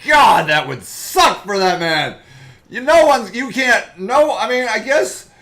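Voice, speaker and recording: A man hosting a comedic podcast, reading an article aloud and mocking it loudly. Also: sits high, slow. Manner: loud, excitable, mocking, jumps into silly voices. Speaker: podcast host.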